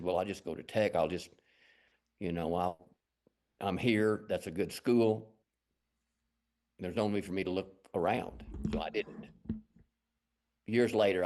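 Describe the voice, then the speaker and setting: Middle-aged West Texas man, low voice, folksy rambling storyteller, interview guest. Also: darkish tone. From Lubbock, Texas. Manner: rambling, folksy, self-deprecating. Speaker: guest artist.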